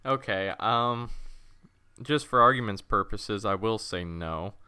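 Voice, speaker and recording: A man's voice: fairly low pitch, measured pace, sharp tone, clean tone, no echo. A young man co-hosting a casual sports podcast, teasing his partner and steering the segments along. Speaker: podcast co-host.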